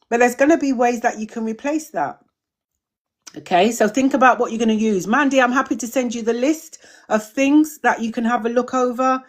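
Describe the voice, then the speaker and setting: Chatty middle-aged woman hosting a live Q&A. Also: a little high. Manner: chatty, repeats phrases, reads out comments and welcomes viewers. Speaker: host of a community drop-in. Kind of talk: live-streamed Q&A chat.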